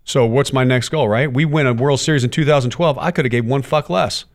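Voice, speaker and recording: A middle-aged man giving a candid interview, telling his stories with animated quoted dialogue and frequent cursing. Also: mid-range voice, brisk. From United States. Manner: animated storyteller, curses freely, acts out quotes. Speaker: guest, former baseball player.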